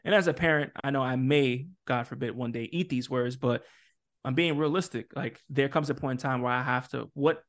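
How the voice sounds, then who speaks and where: A man's voice: mid-range voice, fairly quick. A man co-hosting a casual podcast chat, talking emphatically, often laughing and working out his points aloud as a parent with opinions. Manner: animated, emphatic, laughs often, restarts and asks for words. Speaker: podcast co-host.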